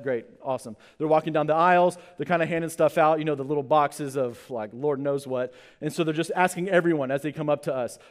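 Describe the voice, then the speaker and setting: A man in his thirties, a pastor telling a comic personal story in his sermon, acting out the people in it. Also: sits high. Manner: animated, comic storytelling with acted-out quotes. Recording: long hall reverb.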